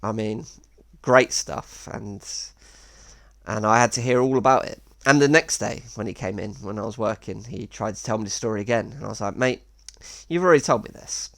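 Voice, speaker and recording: A man's voice: lowish voice, steady tone, moderate pace, vocal fry, a bit bright, no room sound. A man telling a rambling anecdote with wry asides. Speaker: storyteller. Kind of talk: casual anecdote.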